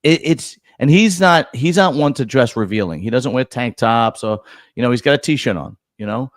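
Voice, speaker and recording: A middle-aged podcast host with an expressive, medium-pitched voice chats casually about work, his stories laced with profanity and frequent restarts. He speaks at normal speed in a studio-quality recording with no room sound.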